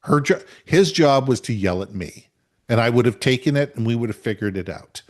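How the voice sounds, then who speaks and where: A man's voice: medium pitch, lively intonation, brisk, darkish tone. Middle-aged man telling a story emphatically. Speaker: podcast co-host. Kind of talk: conversational storytelling.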